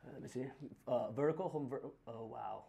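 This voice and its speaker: A man's voice: medium pitch, brisk, gravelly, warm tone. A man co-hosting a casual podcast, cursing and gasping in strained whispers as his mouth burns from a spicy chip. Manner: curses and gasps, drops to strained whispers. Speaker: podcast co-host. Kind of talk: casual chat.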